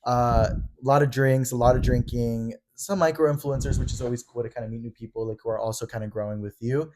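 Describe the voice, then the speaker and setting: A young man co-hosting a podcast, talking quickly in casual chat with lots of fillers and playful mock drama. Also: medium pitch, fairly even intonation, darkish tone, slight background noise. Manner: fast, chatty, filler-heavy, mock-dramatic. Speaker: podcast co-host. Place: Los Angeles.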